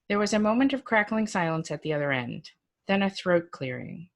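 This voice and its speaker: Low-voiced woman reading a story aloud. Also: animated, normal speed. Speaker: children's librarian reading aloud.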